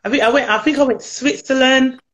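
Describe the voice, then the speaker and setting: A woman's voice: high voice, fairly even intonation, fast talker, a bit bright. A British woman chatting about her work as a nanny in an interview, laughing often and acting out what people said. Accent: British English. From United Kingdom. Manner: chatty, laughs often, acts out quoted voices. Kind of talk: casual interview chat.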